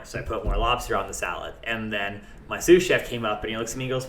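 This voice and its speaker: A man's voice: lowish voice, fairly even intonation, quick pace, hardly any pauses, a bit bright. A young adult man, a chef and restaurant owner, talking candidly and rambling in a casual interview, swearing freely. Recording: echoey room with faint noise.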